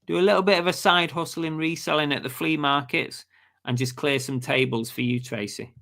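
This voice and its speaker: A man's voice: on the high side, steady tone, brisk, gravelly, a bit bright. A man with a British accent hosting a casual live stream, reading viewer comments aloud and chatting back, and saying he is losing his voice. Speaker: livestream host.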